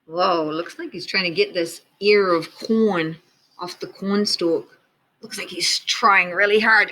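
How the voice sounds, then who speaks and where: A woman teacher reading a picture book aloud to children, gently pointing out details in the pictures as she goes. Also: on the low side, a little slow, poor audio.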